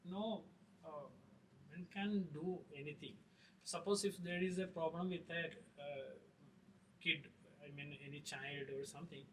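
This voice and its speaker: A middle-aged man, a film director talking in an interview, halting with many fillers and restarts. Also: on the high side, a bit bright. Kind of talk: casual interview talk. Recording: distant mic with faint noise.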